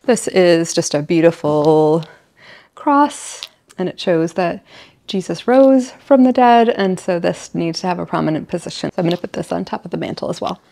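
A chatty middle-aged woman talks casually at home while she decorates. Her voice sits a little low with plenty of gravelly fry. She laughs often and likes to wander off into stories. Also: lively intonation, moderate pace, dark tone. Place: home, indoors.

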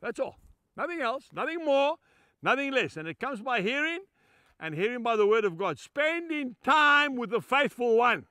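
An older man preaching a sermon, emphatic, swinging from shouts down to soft, low asides and calling his listeners "folks". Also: very animated, normal speed, clear, resonant tone, no echo, studio quality.

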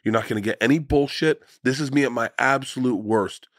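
Animated, profane male storyteller on a dry mic. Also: fairly quick, no echo. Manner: animated and profane, often jumping into high excited quoted voices. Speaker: podcast guest comedian. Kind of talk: casual storytelling conversation.

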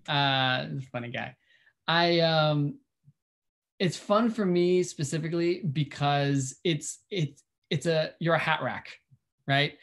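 A man's voice: on the high side, fairly bright tone. A man who is a wedding photographer, answering interview questions in a casual, enthusiastic way. He thinks aloud and chuckles often while speaking over a video call. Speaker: wedding and portrait photographer, guest.

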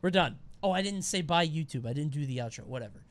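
A man streaming, reacting to a video in casual chat, excitable and swearing. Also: on the high side, fast.

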